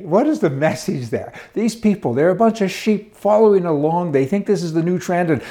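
A man's voice: high-pitched, warm tone. A man hosting an opinionated monologue, rambling and scornful, with chuckles and restarts. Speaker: commentary show host.

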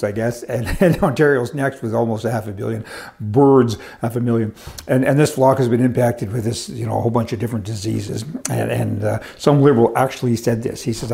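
A man's voice: mid-range voice, vocal fry, darkish tone. An older man delivering a sarcastic opinion monologue, ranting and chuckling as he talks. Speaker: commentary host.

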